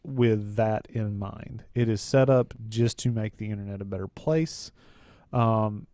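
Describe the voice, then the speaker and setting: A man's voice: lowish voice, measured pace, dark tone, dry recording, clean studio sound. A man co-hosting a radio tech show, explaining in casual chat with many ums and restarts. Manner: hesitant, lots of ums and restarts. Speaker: co-host.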